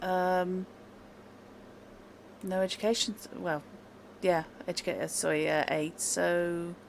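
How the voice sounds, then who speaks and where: A woman narrating as game master of a tabletop game, talking in an unhurried, chatty way with asides. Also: lowish voice, steady tone, vocal fry, a little hiss or hum.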